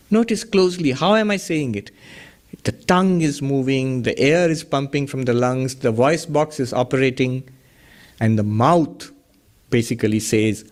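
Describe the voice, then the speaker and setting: A man's voice: mid-range voice, moderate pace. A man giving a philosophy lecture in a study session, explaining step by step with rhetorical questions and Sanskrit terms. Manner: chuckles at his own wordplay. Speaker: teacher of a Vedanta study session.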